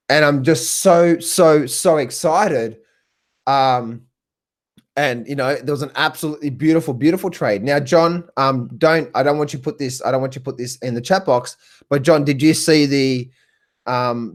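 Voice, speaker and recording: A man with an Australian accent coaching traders on a live stream. He talks excitedly, repeats himself, laughs often and calls viewers by name. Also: medium pitch. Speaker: trading coach. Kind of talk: live stream talk answering viewers in chat.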